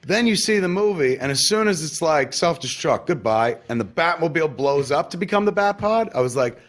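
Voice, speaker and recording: A man in his forties hosting a podcast, telling stories in a casual, profane, excitable way and swinging into quoted voices. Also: on the high side, a little fast. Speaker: podcast host.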